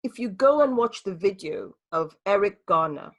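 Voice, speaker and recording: A woman hosting a group discussion on a video call, talking earnestly and reflectively, sometimes pausing to find her words. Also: medium pitch, lively intonation. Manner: earnest and reflective, hesitant with restarts. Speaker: host leading a group discussion.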